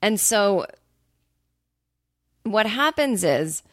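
A woman's voice: mid-range voice, very animated, extremely slow, no room sound, clean studio sound. A woman hosting a podcast, ranting in a casual monologue, swearing freely and acting out quotes. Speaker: podcast host.

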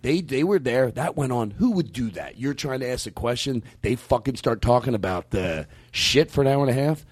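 A man's voice: medium pitch, expressive, normal speed, slightly rough, no echo, studio quality. A man hosting a comedy podcast, rambling with restarts and self-corrections. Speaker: podcast host. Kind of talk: casual podcast chat.

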